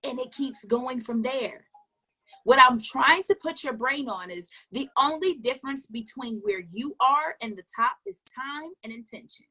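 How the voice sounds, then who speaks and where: A woman giving an emphatic motivational coaching talk, firing questions at her listeners, repeating key phrases and dropping into low asides. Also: expressive, unhurried, sharp tone, slightly rough. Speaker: network marketing coach.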